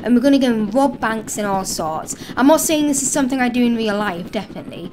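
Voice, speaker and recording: Lively, excitable woman gaming host. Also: on the high side, fast, a little hiss or hum. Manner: excitable, chatty, thinking aloud. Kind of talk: casual let's-play commentary.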